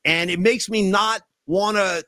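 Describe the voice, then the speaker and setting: Guy in his 50s ranting on a podcast, fairly high voice, dry sound. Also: measured pace, dry recording. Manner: animated, emphatic, swears casually. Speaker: podcast host. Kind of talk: casual chat.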